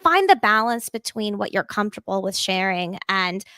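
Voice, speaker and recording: A woman being interviewed as a podcast guest, talking in an animated, enthusiastic way in long flowing runs. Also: medium pitch, moderate pace, clean tone, no echo. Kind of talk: casual interview talk.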